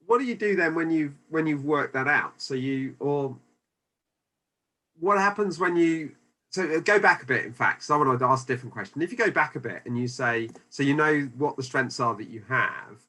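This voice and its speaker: A man's voice: on the high side, animated, normal speed, bright, forceful tone. A man hosting a webinar over a video call, asking questions and rephrasing them as he goes. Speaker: webinar host. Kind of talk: interview questions.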